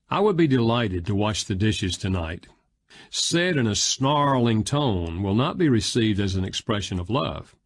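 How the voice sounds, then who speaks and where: A man narrating an audiobook in a measured, expressive reading style. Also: lowish voice.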